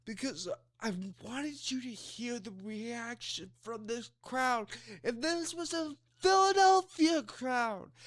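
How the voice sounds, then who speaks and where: A man's voice: very high-pitched, fairly bright tone, no echo, studio quality. A man with a Chicago accent hosting a sports talk show, rambling loosely with plenty of fillers and asides. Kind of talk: casual sports commentary chat.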